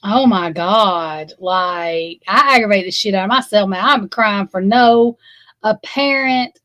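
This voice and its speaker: A woman's voice: medium pitch, measured pace, fairly bright tone, no echo, poor audio. Profane, rambling woman in her forties. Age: 40s. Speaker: livestream host. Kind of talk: casual chat with viewers.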